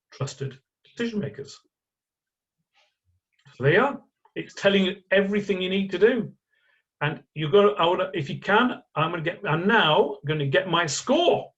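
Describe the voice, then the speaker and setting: A middle-aged man with a slightly high voice teaches in a chatty, rambling way. He asks the listener rhetorical questions and often stops to restart a sentence. The audio sounds dull and muffled. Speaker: online course instructor. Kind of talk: live screen-share tutorial.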